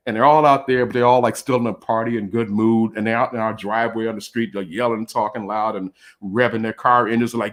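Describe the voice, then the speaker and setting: A man telling a comic personal story in a casual, animated way, full of fillers, over a video call. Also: fairly low pitch, brisk.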